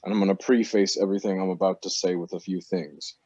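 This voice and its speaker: A man co-hosting a casual podcast with a lowish voice. He trips over repeated words as he gets going and swears freely. The sound is dull and lo-fi, dry and without room echo. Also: fairly even intonation, fast, darkish tone, slightly rough. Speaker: podcast co-host.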